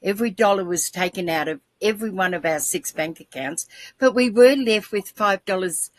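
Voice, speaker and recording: A woman in her seventies telling a personal story in a lively, animated way, acting out quoted voices. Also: moderate pace, no room sound. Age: 70s. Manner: animated storyteller, acts out voices with big pitch jumps. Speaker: guest, podcaster. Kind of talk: casual storytelling on a video call show.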